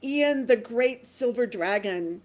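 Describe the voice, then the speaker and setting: A woman hosting a radio interview show, cheering her guest on. Her voice sits high and moves lively through its range. She speaks slowly and leaves space between her words. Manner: enthusiastic, encouraging. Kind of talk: casual interview chat.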